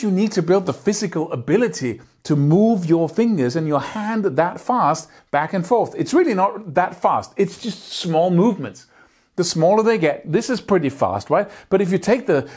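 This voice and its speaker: A man's voice: a little high, darkish tone. A man teaching guitar picking in a video lesson, talking energetically and emphatically and singing out rhythms with syllables.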